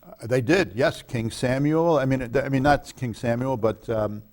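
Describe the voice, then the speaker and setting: A man appearing as a guest on a talk show, telling a story in a halting way with frequent restarts. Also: mid-range voice, darkish tone. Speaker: guest, film producer. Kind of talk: casual talk-show chat.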